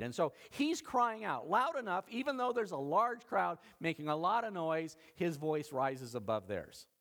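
A male pastor preaching a sermon in a lively, dramatic storytelling manner. His voice sits high and swoops widely as he acts out each scene. He leans hard into the drama of the story. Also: slightly rough. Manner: animated, dramatic storytelling with acted-out quotes.

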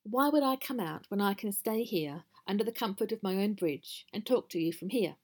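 A woman voicing a cross, sulky male troll who shouts and jeers from under his bridge, in a storybook reading. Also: medium pitch, expressive, normal speed, close to an everyday voice. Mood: jeering. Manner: shouty and jeering.

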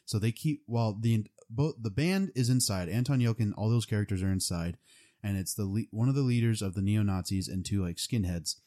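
A man's voice: fairly low pitch, a little fast, warm tone. A young man casually retelling a movie plot, rambling with lots of fillers. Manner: rambling, full of "like" and "um".

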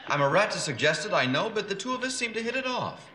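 A man's voice: high-pitched, big pitch swings, quick pace, pushed and bright, slight background noise, full character voice. An actor playing a fussy, refined man in a 1970s sitcom clip. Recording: sitcom clip with music, roomy.

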